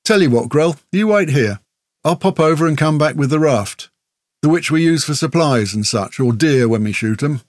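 A man's voice: fairly high pitch, animated, normal speed, no echo, pitched above the performer's own voice, lightly acted. A man doing a chatty, homely islander fellow, friendly and talkative, his voice lifted noticeably above the reader's own. The read is dry and close, with no room sound at all. It suits an audiobook scene of easy back-and-forth. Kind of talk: audiobook character voice.

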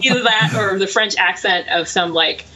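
A woman author talking casually in an interview, quick and self-deprecating, laughing often. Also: medium pitch, a crowd in the background, poor audio. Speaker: author guest.

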